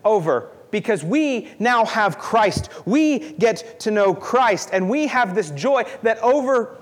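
A young man preaching a sermon in an earnest, conversational way, often repeating himself for emphasis. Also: high voice.

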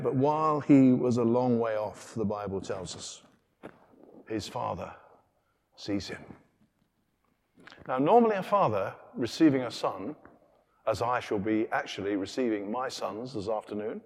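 A middle-aged British man preaching a sermon in a church, animated and acting out the characters' lines. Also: mid-range voice. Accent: British English. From Britain. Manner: animated, acts out dialogue with changing voices. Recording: long reverb of a church hall.

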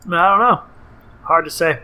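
A man co-hosting a podcast, relaxed and thinking aloud, laughing easily. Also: on the high side, normal speed. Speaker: podcast co-host. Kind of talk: casual chat about fantasy football.

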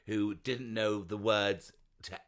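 A man's voice: lowish voice, fairly even intonation, slow pace, a bit bright. A man co-hosting a casual chat in a camp, theatrical way. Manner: camp, theatrical, calls people darling. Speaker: co-host.

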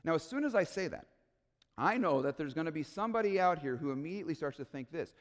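A man's voice: a little high, expressive, fast, in a large hall. A man preaching a sermon in a church, earnest and pleading, building to emphatic peaks. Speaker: pastor.

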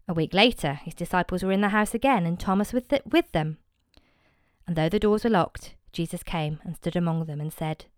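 A woman reading scripture aloud in a service, measured and expressive, with dramatic emphasis. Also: on the low side, no echo, studio quality. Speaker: scripture reader.

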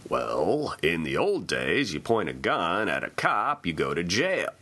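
A man's voice: low voice, sing-song, measured pace, bright, forceful tone, heavily acted. A man voicing a blunt, easygoing male police officer who talks casually and plainly.

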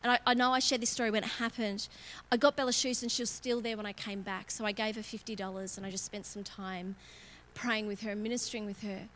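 Bright-voiced woman preaching. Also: medium pitch, steady tone, quick pace, slight background noise. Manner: candid, self-mocking, laughs often. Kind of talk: conversational sermon. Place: church auditorium.

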